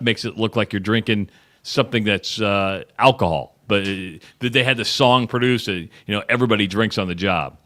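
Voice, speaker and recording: Low-voiced man chatting on sports radio. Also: fairly bright tone. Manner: rambling storyteller, retells ads with quoted voices. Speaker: radio show co-host. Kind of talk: casual sports radio chat.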